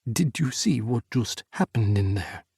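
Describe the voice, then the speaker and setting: A man's voice: medium pitch, expressive, measured pace, vocal fry, mellow, slightly rough, no echo, clean studio sound, full character voice. A man voicing a passionate male president pleading with the one he loves. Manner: pleading, breathless.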